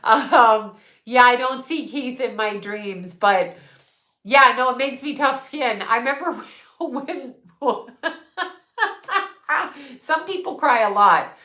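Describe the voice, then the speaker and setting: A woman's voice: on the high side, slow pace, pauses often, sharp tone, roomy sound. A middle-aged woman, a psychic medium, chatting casually and bluntly, swearing freely and laughing often. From United States. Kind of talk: casual livestream chat.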